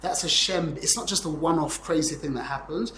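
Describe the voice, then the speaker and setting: A man's voice: on the high side, a little fast, pushed and bright, reverberant, a little hiss or hum. A man in his forties giving an informal Torah class, talking in a rambling, conversational way and often checking in with "yeah?". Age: 40s. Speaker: Torah teacher.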